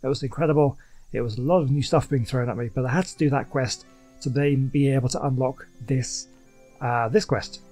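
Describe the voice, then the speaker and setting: Guy chatting over his game, rambly and excitable, lots of ums, bit of music in the back. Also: mid-range voice, a little fast. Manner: chatty, rambling, many fillers and restarts, excitable. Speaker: let's play gamer. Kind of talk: casual gameplay commentary.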